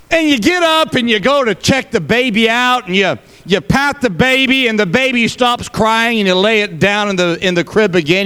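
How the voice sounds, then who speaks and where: High-voiced, lively preacher man. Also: clear, resonant tone. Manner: folksy, joking asides with the congregation. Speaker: pastor. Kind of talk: sermon.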